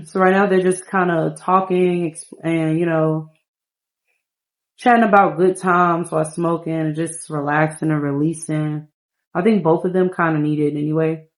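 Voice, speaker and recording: A woman narrating her life-sim gameplay in a rambling, relaxed storytelling manner. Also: deep voice, moderate pace. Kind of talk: casual game narration.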